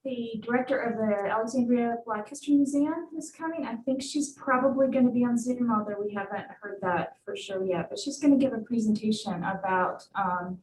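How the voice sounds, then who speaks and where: A woman's voice: on the high side, fairly quick, few pauses, darkish tone. A woman making announcements at a church forum, casual and slightly hesitant. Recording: distant voice in an echoey room.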